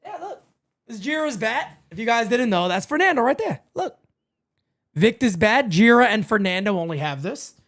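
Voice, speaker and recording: A man hosting a live baseball watch-party stream, giving excitable, profane play-by-play and often shouting. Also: very high-pitched, moderate pace.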